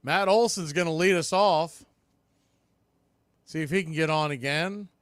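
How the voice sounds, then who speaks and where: A man doing casual live baseball play-by-play on a watch-party stream, chatting between pitches and often repeating words as he explains. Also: unhurried, a bit bright, smooth, no room sound, studio quality. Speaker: play-by-play announcer.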